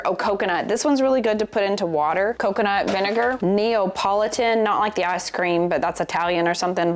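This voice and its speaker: A young adult woman with a Southern US accent chats her way through a pantry clean-out, candid and jokey, at a mid-range pitch. She sounds relaxed and talkative in a casual vlog. A faint noise sits under her voice. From American South. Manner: chatty, candid, jokey asides. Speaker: vlogger. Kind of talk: casual chat while decluttering.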